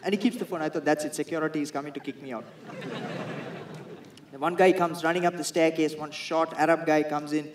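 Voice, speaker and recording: A young man with a Sri Lankan English accent performing a stand-up comedy set, telling stories and acting out the people in them in loud bursts. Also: on the high side, brisk, a crowd in the background, background noise. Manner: animated storytelling, acts out quoted people in loud bursts.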